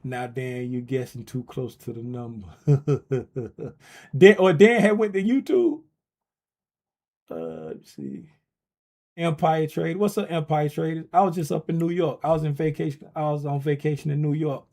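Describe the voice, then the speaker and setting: A man's voice: fairly high pitch, lively intonation, normal speed, a little mellow. A man hosting a casual trading livestream, bantering and teasing his viewers in a loose, playful way.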